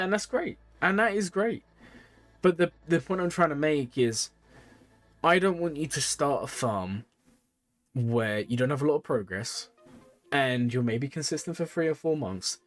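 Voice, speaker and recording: A man streaming live, giving casual, rambling game advice to viewers, a bit tired. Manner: chatty, rambling, repeats phrases, lively pitch. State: tired, yawning. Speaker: streamer reviewing game accounts.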